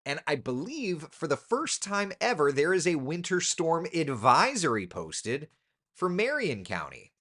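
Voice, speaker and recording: A TV weatherman talks through the forecast in an easy, chatty way. His pitch swings widely, rising keenly and then dropping low for muttered asides. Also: measured pace. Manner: relaxed, chatty, thinking aloud with ums and asides. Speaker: TV meteorologist. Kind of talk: casual weather chat.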